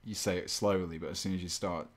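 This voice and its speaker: A man's voice: low voice, steady tone, fast. A man hosting a live stream, chatting casually and playfully while he paints, rambling and poking fun at himself. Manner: rambling, playful, self-mocking, thinks aloud.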